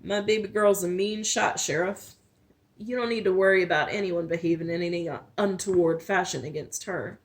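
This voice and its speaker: A woman playing a steady, protective man with a warm twang, dropping low and quiet. He speaks with velvet-wrapped firmness in a storybook reading. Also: moderate pace, natural voice. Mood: soft steely. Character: protective middle-aged man, calm hard warmth.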